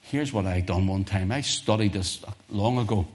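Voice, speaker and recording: A lower-pitched male preacher delivering a sermon. He talks in a homely, conversational way and repeats key phrases. Then his voice swells to loud, fervent climaxes before it drops back to quiet asides. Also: normal speed.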